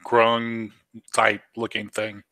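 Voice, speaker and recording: A man's voice: fairly low pitch, completely flat delivery, takes it slowly, bright, forceful tone. A man playing a tabletop game, speaking hesitantly and stumbling over his words. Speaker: player. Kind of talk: casual tabletop game chat.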